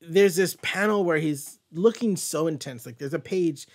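A young man casually recapping a comic book, excited and rambling, swearing freely. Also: on the high side, normal speed. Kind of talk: casual chat.

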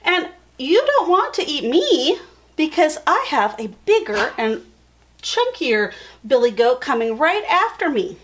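Woman doing a squeaky little billy goat. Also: very animated, fairly bright tone, full character voice. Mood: pleading. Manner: high, quick, pleading. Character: small young male billy goat, eager.

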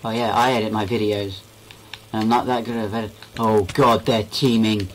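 A man's voice: on the low side, steady tone, moderate pace, a little hiss or hum, poor audio. A young man giving goofy, rambling commentary while playing a game. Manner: goofy, rambling, talks to himself. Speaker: gaming video creator.

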